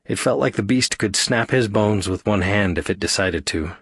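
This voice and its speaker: A male narrator reads an audiobook in a steady, even storytelling manner. His voice sits slightly low, and the recording is dry and close. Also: normal speed, breathy edge, no echo. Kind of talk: scripted narration.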